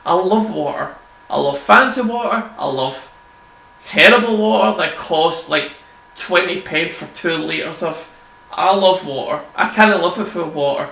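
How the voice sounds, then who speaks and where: Rambling, swearing man with bright voice. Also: high-pitched, a little slow, vocal fry. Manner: rambling, chatty, swears freely, laughs often. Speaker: gameplay video host. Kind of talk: casual gameplay commentary. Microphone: desk microphone. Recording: echoey room with faint hum.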